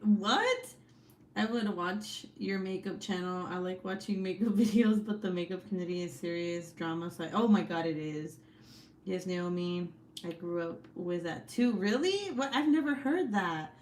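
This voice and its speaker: A woman's voice: lowish voice, fairly even intonation, normal speed, a little mellow, a little hiss or hum. Giggly, foul-mouthed young woman streamer. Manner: laughs often, swears freely, reads chat aloud. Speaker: livestream host. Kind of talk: casual live chat.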